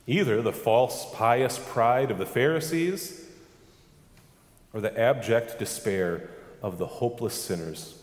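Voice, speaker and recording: A man's voice: lowish voice, animated, slow pace, pauses often, darkish tone. Preaching man in an echoing hall. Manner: emphatic preaching with rhetorical questions. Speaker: pastor. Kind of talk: sermon.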